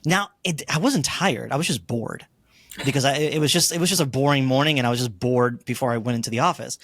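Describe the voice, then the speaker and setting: A man's voice: mid-range voice, quick pace, no room sound, clean studio sound. A middle-aged man telling a personal story as an interview guest, acting out the lines he and others said. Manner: animated storyteller, acts out his own quoted lines.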